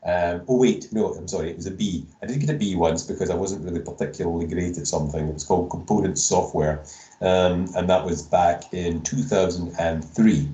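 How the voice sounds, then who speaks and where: A man's voice: sits low, fairly quick, mellow, roomy sound, low-quality recording. A man giving a casual induction lecture to new students, rambling with lots of fillers and restarts and dropping jokes. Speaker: university lecturer. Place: online meeting recording. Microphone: computer mic on a video call.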